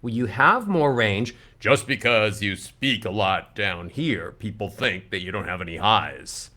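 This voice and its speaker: A man's voice: animated, a little slow, bright, forceful tone. A man coaching as a vocal coach on a radio show, upbeat and encouraging. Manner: sings scales up into a very high head voice. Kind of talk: guest coaching on a radio show, singing warm-up scales.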